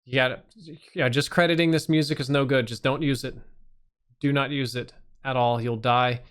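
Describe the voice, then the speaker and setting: Man, live stream host, blunt casual critique, mid pitch. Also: fairly even intonation, moderate pace, a bit bright, smooth. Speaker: YouTube channel reviewer.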